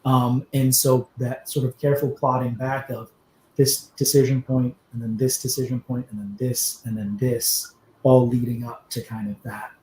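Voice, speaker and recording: Male novelist guest, mid-range voice, earnest and reflective, halting delivery. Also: medium pitch, level tone, warm tone, poor audio. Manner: thoughtful, halting, emotional at times. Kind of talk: reflective interview talk.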